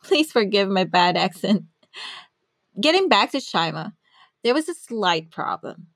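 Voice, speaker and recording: A woman's voice: mid-range voice, sing-song, unhurried, a bit bright, no echo, clean studio sound. A woman hosting a podcast who interviews scientists in a bubbly, enthusiastic, chatty way. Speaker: podcast host.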